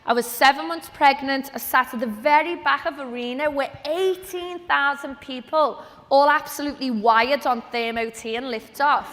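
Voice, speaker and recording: A woman, giving a lively, chatty motivational talk on stage at a business event. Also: sits high, normal speed, few pauses. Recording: long reverb of a large hall.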